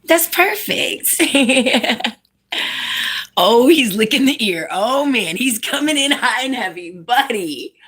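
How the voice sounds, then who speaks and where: A woman's voice: fairly high pitch, animated, slow, a bit bright, breathy edge. A woman hosting a casual live stream, chatting with viewers, reading out their comments and coaxing her dog to sit.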